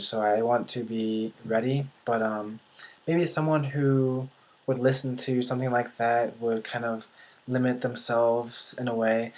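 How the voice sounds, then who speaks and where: A man vlogging casually about learning languages, thinking aloud with frequent pauses and restarts and a dry sarcastic touch. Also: medium pitch, little pitch movement, darkish tone. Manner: dry, self-described sarcastic humor. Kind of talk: casual talk to camera.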